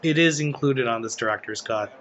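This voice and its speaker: A man's voice: mid-range voice, a little fast, a bit bright, a little hiss or hum. A man giving casual audio commentary on his own video, rambling with many fillers and restarts. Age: adult. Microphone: voice-over commentary mic.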